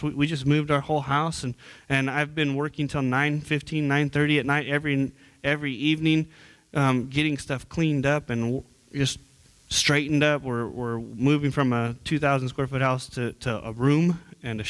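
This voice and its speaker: A man's voice: mid-range voice, fairly even intonation, moderate pace, a bit bright. A young man preaching as a youth minister in church, earnest and conversational, often repeating words and restarting sentences. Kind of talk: sermon.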